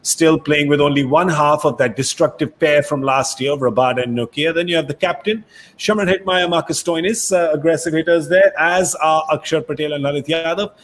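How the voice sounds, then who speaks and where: A man hosting a cricket talk show in a lively, joking way. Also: a little high, brisk. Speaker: host.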